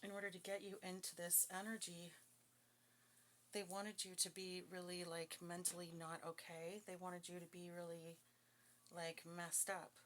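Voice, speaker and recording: Bright-voiced woman reading tarot. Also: on the low side, flat delivery, moderate pace, a little hiss or hum. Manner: chatty, giggly, blunt asides. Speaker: tarot reader.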